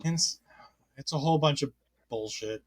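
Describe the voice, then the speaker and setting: A man's voice: fairly high pitch, normal speed, slightly rough. A man hosting a casual wrestling recap podcast, chatty and often correcting himself mid-sentence. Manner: chatty, self-correcting, reads listener comments aloud. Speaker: podcast host.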